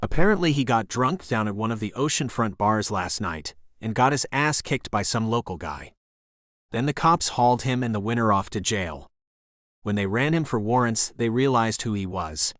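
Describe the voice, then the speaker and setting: A man's voice: fairly low pitch, animated, moderate pace, a bit bright, dry recording. Man narrating a thriller, dry sound. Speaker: audiobook narrator. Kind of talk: scripted narration.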